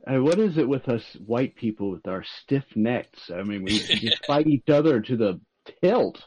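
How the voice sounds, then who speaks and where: Halting man on dull lo-fi audio. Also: medium pitch, lively intonation, a little mellow. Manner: halting, many filler pauses. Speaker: forum participant. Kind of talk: casual group discussion.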